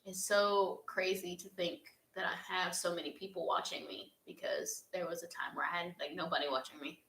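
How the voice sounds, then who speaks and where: A woman's voice: on the low side, fairly even intonation, normal speed, fairly bright tone. A young woman answers fan questions in an earnest, heartfelt casual chat, with laughs along the way. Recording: echoey room.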